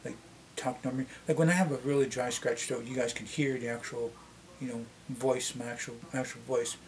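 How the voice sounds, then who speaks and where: A man's voice: steady tone, a little fast. Canadian man rambling casually. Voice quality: slightly deep voice. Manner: rambling, many restarts and fillers. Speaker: vlogger. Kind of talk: casual rambling chat to camera.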